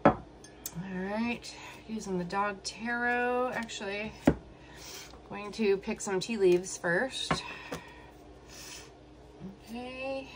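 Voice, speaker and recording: Slow, hesitant woman reading tarot. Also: mid-range voice, very noisy. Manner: slow, hesitant, thinking aloud. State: emotional. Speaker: tarot reader. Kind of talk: casual solo tarot reading.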